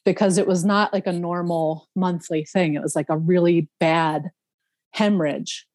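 A woman, a podcast guest, telling a personal story in a casual, animated way, laughing often and imitating other people's voices. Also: fairly low pitch, normal speed, no room sound.

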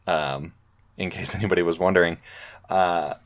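A man's voice: low-pitched, steady tone, moderate pace. A man in his thirties hosting a casual podcast chat, laid-back and often trailing off with fillers. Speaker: podcast host.

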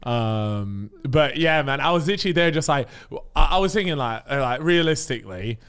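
A man in casual chat, telling a story with lots of slang and animated asides. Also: medium pitch, normal speed, smooth.

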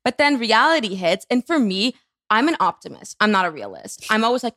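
A woman's voice: medium pitch, very animated, fairly quick, fairly bright tone, dry recording, studio quality. A woman in her twenties, co-hosting a podcast, bubbly and rambling, with lots of filler words. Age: 20s. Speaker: podcast co-host. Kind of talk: casual chat.

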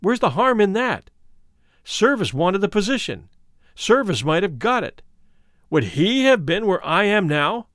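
A man voicing a frightened young male medical student with a hoarse, shaken voice. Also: sits high, big pitch swings, measured pace, fairly bright tone, no room sound, clean studio sound, voice pushed up, full character voice. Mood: despairing.

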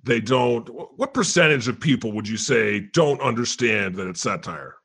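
A man playing God as the host of a comedy podcast, chatting casually with deadpan, playful jokes. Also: medium pitch, moderate pace, vocal fry, slightly rough, full character voice. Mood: wry.

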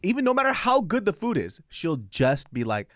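A man chatting casually on a podcast and telling animated stories with lots of swearing. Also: sits high, normal speed, no room sound. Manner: animated, profane storyteller. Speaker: podcast co-host. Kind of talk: casual chat.

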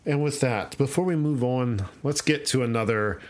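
A man's voice: mid-range voice, normal speed, very noisy. A male podcast host chatting casually and retelling a comic, acting out the characters as he goes. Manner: animated storyteller, acts out voices.

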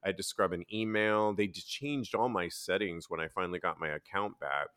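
Man, casual podcast host, lively storyteller, swears a lot, dry sound. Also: sits low, a little fast, clean tone, no echo. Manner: animated storyteller, acts out quotes, swears freely. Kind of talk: casual chat.

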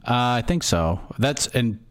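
A man co-hosting a podcast in casual chat, relaxed and swearing casually. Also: mid-range voice, a little slow, slight background noise. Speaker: podcast co-host.

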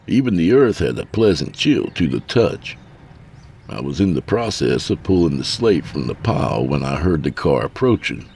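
A man narrating a first-person story in an expressive, dramatic reading. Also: extremely low pitch, vocal fry, slightly rough.

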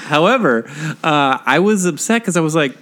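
A young man co-hosts a podcast in relaxed chat. He pokes fun at himself and laughs often. For his own thoughts his voice goes low and soft. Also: moderate pace. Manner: self-mocking, laughs a lot, drops voice for quoted thoughts. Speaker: podcast co-host. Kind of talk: casual chat.

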